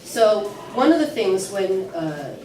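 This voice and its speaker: A woman's voice: medium pitch, big pitch swings, slow, darkish tone, slight background noise. A woman teaching a singing workshop to a class, chatty, with many fillers and restarts, recorded from afar in an echoey classroom. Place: classroom at an early music event. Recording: echoey room mic from far off.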